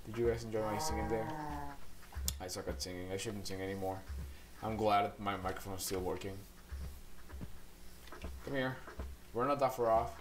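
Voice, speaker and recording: A man's voice: fairly low pitch, moderate pace, long pauses, noisy background. A man giving casual gameplay commentary as a channel host, rambling playfully and coaxing animals along.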